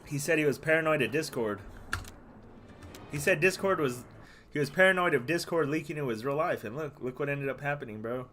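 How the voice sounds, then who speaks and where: A brash male streamer rants in a bright, forceful voice, piling on curses and tossing "dude" and "bro" after almost every phrase. His tone stays scornful and mocking, and a faint hum sits quietly underneath. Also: a little high, fairly quick. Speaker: gaming streamer. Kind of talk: casual live-stream rant.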